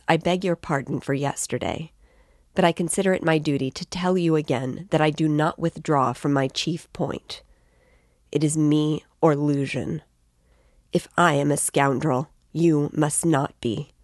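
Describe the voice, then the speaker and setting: A woman reading the part of a brooding, bitter young man in a storybook reading, slow and low in his scornful thoughts. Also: fairly even intonation, a little mellow, no room sound, studio quality. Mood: grave, cutting.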